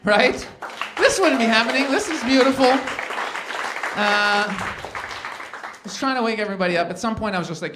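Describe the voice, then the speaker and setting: A stand-up comedian works a live room, his voice sitting high and swinging widely from line to line as he acts out the people in his stories. A faint hiss of noise sits under the stage mic. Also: moderate pace, crowd noise. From Canada. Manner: animated storytelling, acts out quoted characters. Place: live event with an audience.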